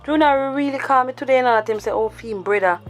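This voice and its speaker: A woman with a Jamaican accent, acting in a drama as a worried woman who pleads in rapid patois. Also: high-pitched, natural voice. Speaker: woman confiding about her man. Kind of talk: low-budget drama acting.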